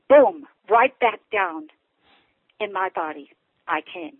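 A woman's voice: medium pitch, animated, slow, long pauses, breathy edge, dry recording. An older woman giving an emotional personal testimony as a guest, telling her story with many restarts. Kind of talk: personal testimony on a call-in show. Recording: tinny phone line, dry.

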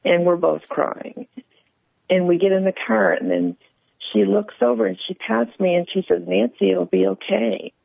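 A woman calling in to tell her faith story in an earnest, halting way. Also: medium pitch, vocal fry, no echo. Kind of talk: personal faith testimony. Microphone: phone. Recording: tinny phone line.

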